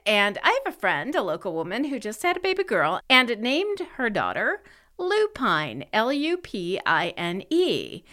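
A middle-aged woman from California co-hosting a podcast, reading her segments in a wry, brisk way. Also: mid-range voice, wildly swooping pitch, bright, forceful tone. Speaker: podcast co-host. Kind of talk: scripted podcast chat.

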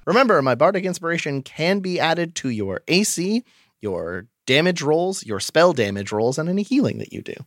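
A man's voice: fairly high pitch, big pitch swings, normal speed, no room sound, studio quality. A man playing a bard in a tabletop game, explaining his moves in an upbeat, friendly way. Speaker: player.

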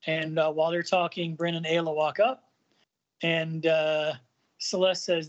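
A man's voice: a little high, level tone, a little slow. Man reading comic lines, lo-fi. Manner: hesitant, many ums and uhs, reads quotes lightly acted. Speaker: podcast co-host reading a comic aloud. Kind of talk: casual comic recap, reading dialogue aloud. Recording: dull lo-fi audio.

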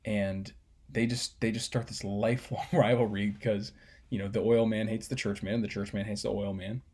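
A man's voice: fairly low pitch, level tone, normal speed, darkish tone, slightly rough. A man casually breaking down a film scene, rambling with fillers and swearing.

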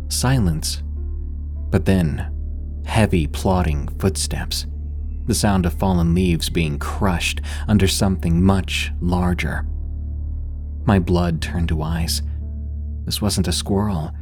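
A man reading a scripted horror story in a measured, suspenseful way. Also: low-pitched, darkish tone, soft background music.

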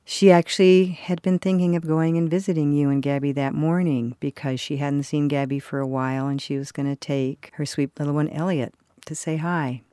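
A woman's voice: sits low, steady tone, normal speed, warm tone, clear, resonant tone, dry recording, clean studio sound. An older woman telling a personal story in conversation, earnestly acting out the voices of the people in it. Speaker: interviewee recalling a personal story.

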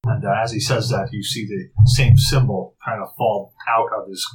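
A man narrating a tabletop role-playing game as game master, halting, with frequent restarts and fillers. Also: fairly low pitch, steady tone, low-quality recording.

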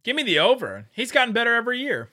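A man co-hosting a podcast, talking sports bets in an excitable, joking way. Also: extremely high pitch. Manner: excitable, quick to joke and laugh. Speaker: podcast co-host. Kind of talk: casual sports chat.

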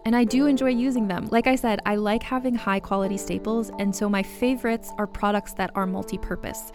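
Ad read, woman, mid-pitch, chatty pitch over a clear music bed. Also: steady tone, a little fast. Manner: friendly, conversational product pitch. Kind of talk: sponsor read.

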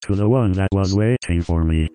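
A man's voice: low-pitched, normal speed, background noise. A synthetic male computer voice reading lyrics in an awkward, robotic way. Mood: flat. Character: flat low-fi male computer voice. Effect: text-to-speech. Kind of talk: reading song lyrics aloud.

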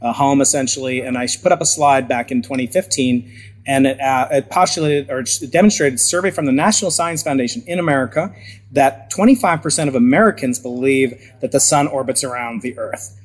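A man's voice: medium pitch, brisk. A man interviewing a guest, asking long questions while searching for the right words. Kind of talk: conversational interview.

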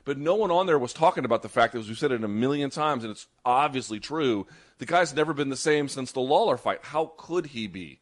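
A man talks combat sports on a show he co-hosts, with fast, animated delivery. His opinions come out strongly, with a mid-range voice. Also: mid-range voice. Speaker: podcast co-host. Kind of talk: casual sports chat.

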